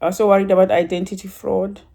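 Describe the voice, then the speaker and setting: Speaking fast with little pitch movement, a woman's medium-pitched voice sounds gravelly and dark. She tells a casual, rambling church testimony in a chatty way, laughing often and showing a touch of emotion.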